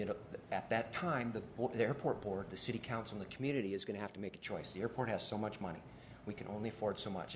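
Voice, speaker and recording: A man, an airport official, giving halting testimony full of restarts at a city committee meeting in a council chamber. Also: lowish voice, a little hiss or hum. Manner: halting, with many restarts and repeated words.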